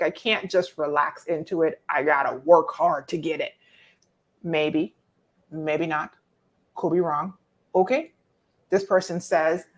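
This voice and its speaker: Expressive woman coaching on a live stream. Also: lowish voice. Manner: expressive and preacherly, teasing viewers by name, emphatic repetition. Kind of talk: casual live-stream coaching talk, reading viewer comments.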